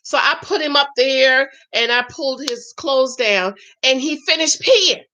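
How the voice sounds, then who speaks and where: A woman's voice: sits high, a little slow, pushed and bright, highs cut off. A woman vlogger chatting casually while reading viewer comments, emphatic and talkative, often adding "okay?". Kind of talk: casual live-stream chat.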